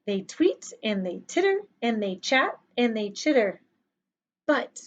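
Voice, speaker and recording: Slow, animated woman reading a storybook. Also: on the high side, dull audio. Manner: animated, sing-song, chatty asides to children. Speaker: teacher reading to children. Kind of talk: reading a picture book aloud.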